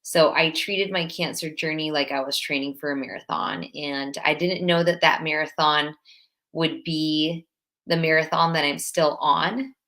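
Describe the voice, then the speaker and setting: A woman's voice: low-pitched, fairly even intonation, a little slow, pushed and bright. A woman in her thirties hosting a live stream, talking in a chatty, heartfelt way and greeting viewers by name. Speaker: livestream host. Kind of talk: casual live-stream chat.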